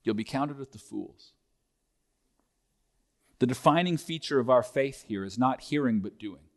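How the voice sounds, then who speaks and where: A man's voice: mid-range voice, lively intonation, unhurried. A man delivering a sermon as a pastor, reading scripture aloud and building intensity through repeated phrases.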